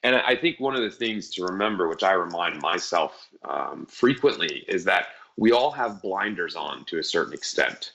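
A man's voice: low-pitched, animated, normal speed, vocal fry, hardly any pauses, a bit bright, highs cut off. A man from central New Jersey, a guest on a talk show, telling a personal story in an earnest, reflective way and chuckling now and then. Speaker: podcast guest.

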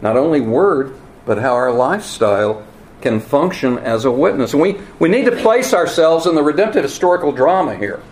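A man preaching a teaching sermon, earnest and emphatic, with wry asides and halting repeats. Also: on the high side, sing-song, a little mellow. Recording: roomy echo, faint ambience.

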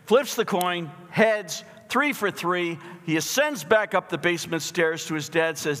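A middle-aged male pastor preaching a sermon, telling a story in an emphatic, animated way. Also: a little high, a little slow, big-room sound.

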